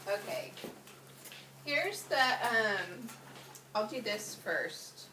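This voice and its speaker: A woman's voice: mid-range voice, lively intonation, very slow, distant mic. A woman at home doing a casual product demo in a rambling, chatty way with lots of ums, out of breath as she moves about. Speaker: home video reviewer. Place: at home, indoors. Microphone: camera set away from her. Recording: echoey room, off-mic, noisy.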